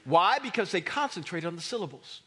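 A man preaching a sermon as a pastor, animated and emphatic, with a slightly husky voice. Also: high-pitched, a little fast, a little hiss or hum. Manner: animated preaching, rising to near shouts for emphasis.

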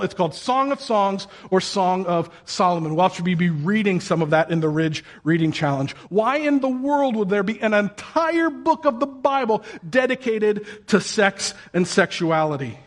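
Male pastor, high voice, upbeat sermon delivery with jokey asides. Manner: lively, joking, bursts into sung and shouted asides.

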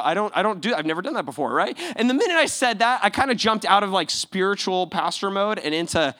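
A man's voice: high-pitched, quick pace, hardly any pauses. A male pastor telling a story in a sermon, laughing often and acting out the lines of the people in it. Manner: animated, laughing, acts out quotes.

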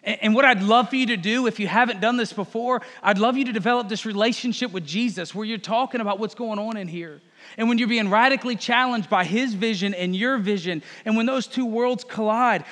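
A man's voice: high voice, a bit bright. A man preaching a conversational sermon, talking straight to his congregation. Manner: direct, conversational, addresses congregation as folks and y'all. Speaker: pastor. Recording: long hall reverb.

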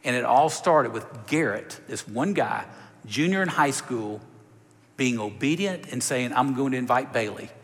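Preacher in a reverberant hall. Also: male voice, mid-range voice, a little slow. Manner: animated storytelling, direct appeals to the congregation. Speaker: pastor. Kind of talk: sermon.

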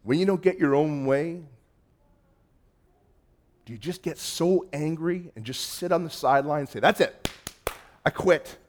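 A man preaching a sermon as pastor, moving between loud emphasis and hushed, quiet passages and acting out quoted voices. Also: a little high, normal speed, pauses often.

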